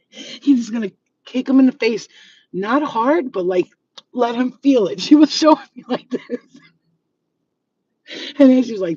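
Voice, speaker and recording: Woman, husky voice, profane laughing storyteller, dull lo-fi sound. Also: a little high, animated, a little slow, long pauses, warm tone. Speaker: channel host. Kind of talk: casual storytelling to viewers.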